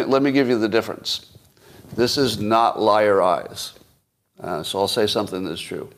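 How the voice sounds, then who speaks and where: A man hosting a solo podcast, giving casual, opinionated political commentary with frequent restarts. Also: lowish voice. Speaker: podcast host.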